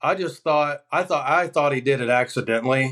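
A man with an ordinary middle-pitched voice tells hunting stories as a podcast guest. He talks loosely and with energy and lands his punchlines deadpan. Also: a little fast. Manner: animated, deadpan punchlines in anecdotes. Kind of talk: casual podcast storytelling.

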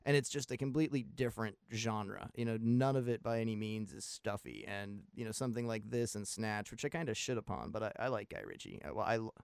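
A man's voice: on the low side, a little fast, vocal fry, few pauses, clear, resonant tone, no room sound, studio quality. A man co-hosting a movie podcast, talking in a rambling, profane, enthusiastic way. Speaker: podcast co-host. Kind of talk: casual movie podcast chat.

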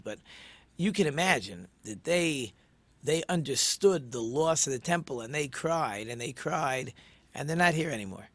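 A man's voice: mid-range voice, a bit bright, dry recording. A man teaching an informal religious class, talking conversationally, asking himself rhetorical questions, with frequent ums and restarts. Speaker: Torah teacher.

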